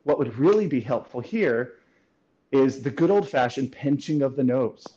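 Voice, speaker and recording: A man speaking as a voice coach in a casual interview, explaining lively and demonstrating sounds as he goes. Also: mid-range voice, normal speed, muffled recording. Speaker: voice coach and guest.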